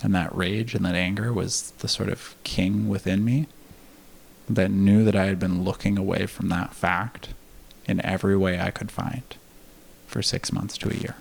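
A man with a gravelly, fry-edged, somewhat low voice recounts a personal story as a podcast guest, speaking at normal speed. His manner is relaxed and candid, with occasional laughter and plenty of swearing.

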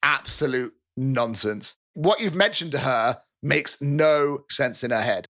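Bright-voiced, playful game master narrating. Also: medium pitch, expressive, unhurried, few pauses. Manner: playful storytelling.

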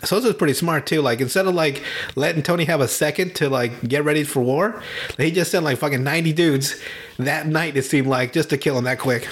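A man hosting a podcast from home over an online call, telling stories in a lively, profane way and laughing often. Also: on the high side, fairly quick. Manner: animated, profane storytelling with frequent laughter. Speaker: podcast host. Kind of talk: casual chat.

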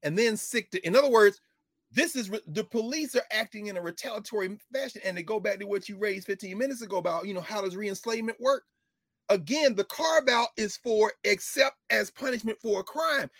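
A middle-aged man, a professor talking politics in an impassioned, preachy way, with mocking quotes and bursts of shouting. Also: sits high, sing-song, normal speed, husky, no echo, studio quality. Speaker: professor and show co-host.

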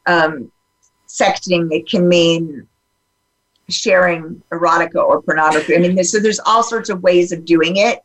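A woman talking openly in a casual podcast conversation, animated and full of fillers and restarts. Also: fairly low pitch, unhurried, low-quality recording.

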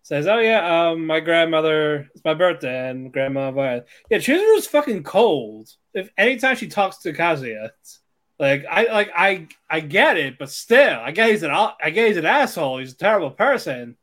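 Give me a man with a higher voice, rambling through an episode recap with a laugh. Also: big pitch swings, normal speed, a bit bright. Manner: rambling, acts out characters' lines; swears casually, laughs often. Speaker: podcast co-host. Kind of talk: casual chat, recapping episodes.

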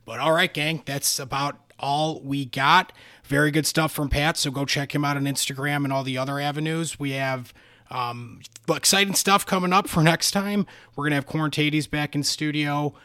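A man hosting a podcast, talking in a relaxed, conversational way. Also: on the high side, moderate pace, no room sound. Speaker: podcast host. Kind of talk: casual podcast interview.

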